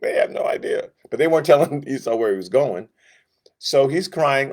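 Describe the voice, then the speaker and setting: A man's voice: mid-range voice, a little fast, darkish tone. A man teaching a Sunday school Bible lesson, telling the story in a casual, joking way and acting out what the characters say in different voices.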